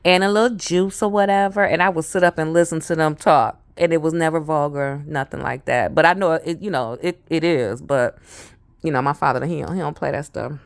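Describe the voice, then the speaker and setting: Animated woman telling a personal story. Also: deep voice, brisk, vocal fry, no room sound. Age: adult. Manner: animated, conversational, repeats phrases for effect.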